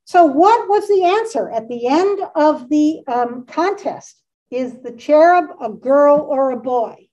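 A woman's voice: sits high, lively intonation, takes it slowly, warm tone. Chatty older woman lecturing from afar. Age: 60s. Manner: chatty and enthusiastic, with frequent asides. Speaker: art history lecturer. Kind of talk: casual illustrated lecture. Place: community center meeting room. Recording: distant, dull room recording.

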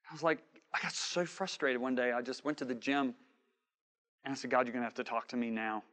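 A man preaching a sermon, telling a story with quoted dialogue and swinging from shouting to hushed asides. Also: mid-range voice, steady tone, fairly quick.

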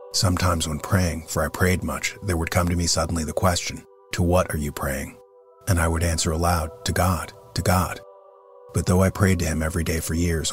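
A man reading the part of a serene, beardless male saint in an audiobook, speaking in a calm, unhurried, reverent way. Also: sits low, natural voice.

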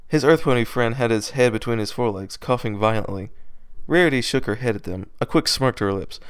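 A man narrates a story aloud in a steady reading voice, now and then stumbling and starting a word again. His tone is smooth and clean at a middle pitch. He sits close to the microphone in a dry, dead room. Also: fast, dry recording. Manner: steady reading with small slips and restarts. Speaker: fan fiction reader. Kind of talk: amateur read-aloud narration.

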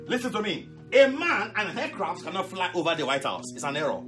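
A pastor leading a fervent live prayer sermon, shouting repeated commands and breaking into tongues. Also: male voice, high voice, sing-song, a little fast, soft background music. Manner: speaks in tongues between prayers.

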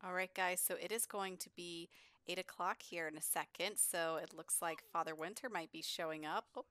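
A woman's voice: lowish voice, normal speed, fairly bright tone. A woman giving chatty, giggly gameplay commentary as a gaming YouTuber.

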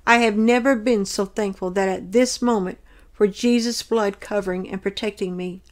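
A woman narrating her own religious dream as a testimony, reading in an earnest, measured way. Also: mid-range voice, fairly even intonation.

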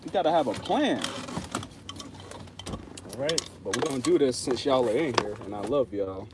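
A man's voice: mid-range voice, expressive, moderate pace, noisy background. A man hosting a casual livestream, talking straight to his viewers in a playful, insistent way. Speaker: channel host talking to live chat.

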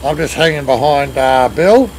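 A man's voice: medium pitch, lively intonation, moderate pace, a little mellow, slight background noise, rough recording. An Australian man hosting a live game stream, chatting casually with friends and reading out viewer comments as he drives. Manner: chatty, reads and answers chat while driving. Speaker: streamer leading a truck convoy.

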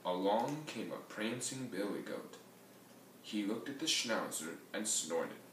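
A man reading a picture book aloud in a lively storybook manner, adding sound effects. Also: lowish voice, unhurried, a little hiss or hum. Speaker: reader. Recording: echoey room, mic far off.

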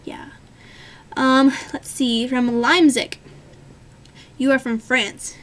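A woman's voice: high-pitched, steady tone, slow. A woman of twenty answering viewer questions in a casual, rambling chat, full of ums and self-corrections, easygoing and self-deprecating. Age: 20s.

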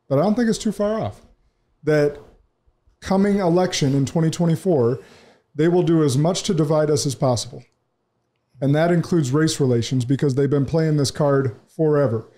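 A man's voice: on the high side, warm tone. A man hosting a podcast in a studio, talking casually, emphatic and opinionated. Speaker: podcast host.

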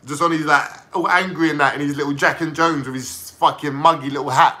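A man's voice: fairly high pitch, steady tone, a little fast, few pauses, bright, forceful tone. Mocking, slangy London man. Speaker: vlogger. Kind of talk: casual ranting to camera.

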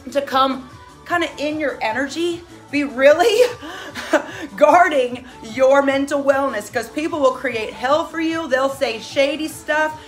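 A woman's voice: high-pitched, a bit bright. A middle-aged woman coaching a live workout, cheering with enthusiastic whoops and motivating her viewers. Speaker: fitness coach.

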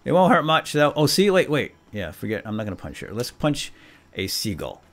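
A man giving excitable, jokey commentary while playing a video game. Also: fairly low pitch, moderate pace, a little hiss or hum. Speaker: let's play gamer. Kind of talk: casual gameplay commentary.

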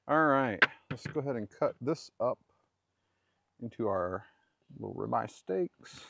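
Demonstrating butchery on his homestead, a man gives casual how-to commentary while he works, rambling and self-correcting with chatty asides. His medium-pitched voice is expressive, gravelly and fairly bright, unhurried, with no echo.

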